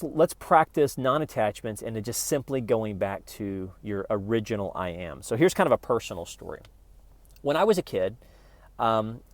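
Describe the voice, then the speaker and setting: Speaking on the low side with no room sound, a middle-aged man runs his own YouTube channel. He delivers spiritual self-help in a chatty, joking manner, with many mid-sentence restarts.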